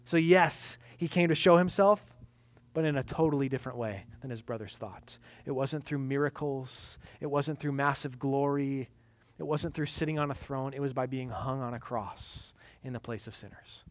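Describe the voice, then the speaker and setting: A man preaching a sermon, swinging from loud, emphatic lines to hushed, quiet passages. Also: mid-range voice, fairly even intonation, moderate pace, no room sound. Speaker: pastor.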